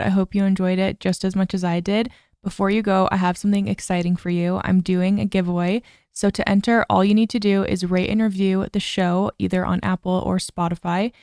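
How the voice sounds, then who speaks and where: A young woman hosts her podcast in a bubbly, gushing chat, piling on little exclamations. Her voice sits at an ordinary middle pitch for a woman. The recording is dry and close, with no room sound. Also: gravelly, a little mellow, smooth, no room sound. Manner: bubbly, gushing, chatty with frequent "like" and "oh my gosh". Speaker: podcast host. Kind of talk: casual chat.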